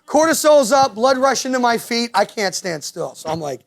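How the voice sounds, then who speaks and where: A guest speaker with a New Jersey accent gives a lively talk to parents in a meeting room with a live audience. His high voice is creaky and animated as he tells stories and is quick to mimic other people.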